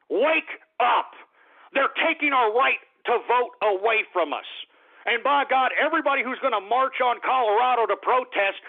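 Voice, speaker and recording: A man hosting a talk radio show, ranting furiously with shouts, curses and heavy sighs. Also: very high-pitched, creaky. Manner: furious, shouting and swearing, then sighing to calm down. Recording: tinny phone-like radio audio.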